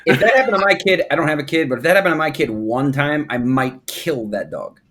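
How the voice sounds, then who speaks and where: A man's voice: on the high side, quick pace, a bit bright. A man co-hosting a comedy podcast, rambling and self-deprecating in casual chat. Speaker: podcast co-host.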